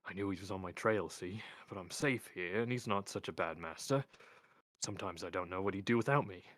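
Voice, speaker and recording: A man voicing a cranky old male wizard servant who talks gruff and defensive, reading a story aloud. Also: low voice, fairly quick, a bit bright, no room sound. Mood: boastful.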